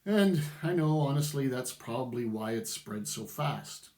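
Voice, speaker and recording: A man's voice: mid-range voice, lively intonation, unhurried, darkish tone, roomy sound. A middle-aged man giving casual, opinionated commentary to camera, chuckling wryly as he goes. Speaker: vlogger.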